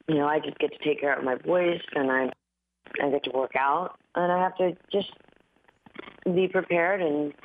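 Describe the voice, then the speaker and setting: A woman talks through a thin, phone-like line, her voice a bit groggy and dry after a red-eye flight. She chats easily as a guest, with fillers and quick laughs along the way. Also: deep voice, a little hiss or hum. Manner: chatty, laughs often, many fillers. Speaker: singer and guest. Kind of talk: casual interview chat. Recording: tinny phone-line audio.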